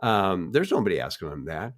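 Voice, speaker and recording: A man's voice: low-pitched, big pitch swings, brisk. An older man co-hosting a family podcast, folksy and encouraging in tone. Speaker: co-host. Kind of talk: casual podcast chat.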